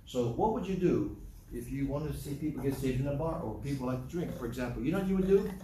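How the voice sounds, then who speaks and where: A man's voice: medium pitch, expressive, fast talker, dark tone, a little hiss or hum. A man preaching a conversational sermon, full of rhetorical questions and chatty asides, recorded from a distance in a church hall. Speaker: pastor. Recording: distant mic, echoey room.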